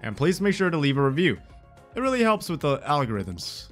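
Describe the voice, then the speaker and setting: A man playing through a dating game, reading its text aloud with an animated, playful and theatrical delivery. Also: fairly high pitch, a little fast, soft background music. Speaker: gaming content creator.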